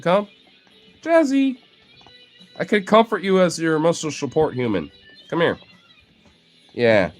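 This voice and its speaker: A man casually commenting on footage of his dogs, cooing at them, laughing and swearing. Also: lowish voice. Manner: excitable, cooing baby talk to pets, bursts of laughter, casual swearing. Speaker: video creator talking to his dogs.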